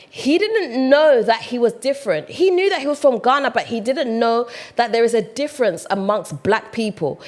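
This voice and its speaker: Chatty British woman vlogger. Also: fairly high pitch. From United Kingdom. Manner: chatty, animated, mimics other voices. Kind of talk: casual talk to camera.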